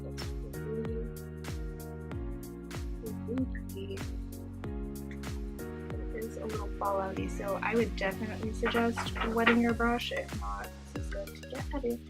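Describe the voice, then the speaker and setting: Woman beauty vlogger, higher voice, chatty and gushing, music bed behind. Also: animated, normal speed, long pauses. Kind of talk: casual makeup tutorial narration.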